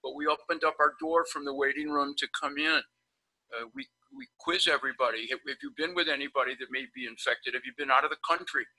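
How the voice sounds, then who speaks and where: Bright-voiced rambling male periodontist. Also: on the high side, fast talker, low-quality recording. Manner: animated, rambling, blunt. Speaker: periodontist guest. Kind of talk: casual storytelling on a webinar.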